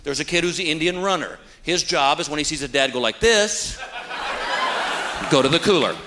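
Onstage in front of a live crowd, a Texan comedian does stand-up, acting out characters as he tells animated stories. He speaks at a normal speed in a slightly high voice, and audience laughter and noise run through the live recording.

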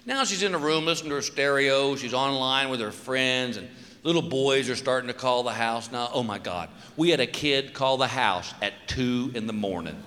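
A man in his forties telling a stand-up story about fatherhood, animated, acting out the people in it. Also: medium pitch, normal speed. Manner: animated, acts out quoted voices. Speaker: stand-up comedian. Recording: live stage, long reverb, room noise.

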